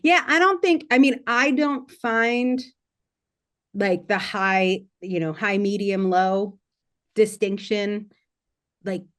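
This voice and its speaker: An American woman talks casually in a panel discussion. She's chatty and animated, and her speech is full of "like" and quick asides. Her voice sits at an ordinary middle pitch. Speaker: guest speaker.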